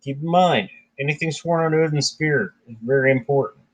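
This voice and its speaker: A man's voice: on the high side, normal speed, poor audio. A man hosting a casual book discussion, reading passages aloud and commenting in a conversational way. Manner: conversational, reads passages aloud, chatty asides.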